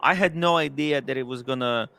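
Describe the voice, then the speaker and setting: A man's voice: mid-range voice, a little fast, vocal fry, bright, forceful tone, a little hiss or hum. A man hosting a casual livestream podcast, rambling and full of fillers, sometimes apologetic. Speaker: host.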